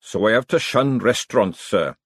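A man's voice: lowish voice, expressive, moderate pace, slightly rough, dry recording, clean studio sound. A man voicing a nervous, hapless male chef who talks apologetically and miserably.

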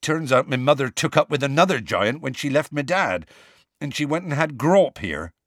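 A man voicing a huge, gentle half-giant who speaks in rough country dialect, anxious and close to tears. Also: mid-range voice, animated, normal speed, dry recording, voice pushed up.

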